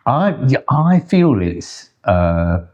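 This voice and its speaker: A man's voice: mid-range voice, very animated, extremely slow, a little mellow, highs cut off. An older man, co-host of a home channel, chatting in a rambling, self-deprecating way. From England. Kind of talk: casual chat.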